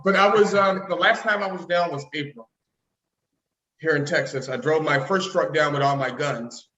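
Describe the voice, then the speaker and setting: A man with a high, sharp, bright voice tells sarcastic stories in a casual political chat. The room is echoey and the sound is dull and lo-fi, with a faint hiss behind him. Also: normal speed. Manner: animated storyteller, joking and sarcastic. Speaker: podcast co-host.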